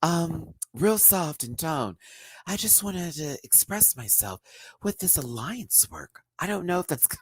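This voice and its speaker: A man doing a soft-spoken, hesitant drag queen. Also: fairly high pitch, sing-song, unhurried, breathy edge, no room sound, voice pushed up, heavily acted. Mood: gentle.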